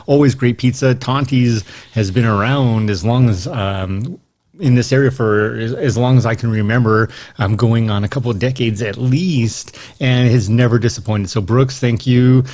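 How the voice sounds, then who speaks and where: A man's voice: mid-range voice, normal speed, a little mellow. A man co-hosting a casual podcast chat, easygoing and joking. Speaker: podcast co-host.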